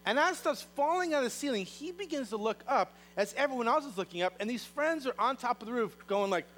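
A man preaching a sermon, telling a story in a lively way and acting out the characters' lines in voices. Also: very high voice, fast talker, slight background noise, low-quality recording. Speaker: pastor.

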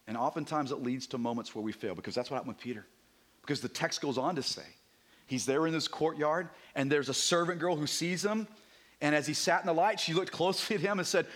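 A man preaching a sermon as a visiting pastor, animated and conversational, sometimes dropping to a hushed near-whisper for emphasis. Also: fairly high pitch, fast talker. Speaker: guest preacher.

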